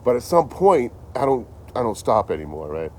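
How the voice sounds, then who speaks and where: A man's voice: mid-range voice, very animated, normal speed, a little mellow, a little hiss or hum. A man chatting casually on a livestream, rambling and swearing, laughing often as he tells stories. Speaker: traveling livestreamer.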